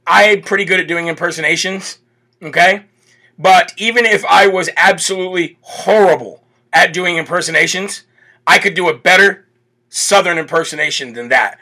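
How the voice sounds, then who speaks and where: A man's voice: high-pitched, normal speed, pushed and bright. A man hosting a political talk show, giving brash, mocking commentary full of rhetorical questions. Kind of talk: opinionated live commentary.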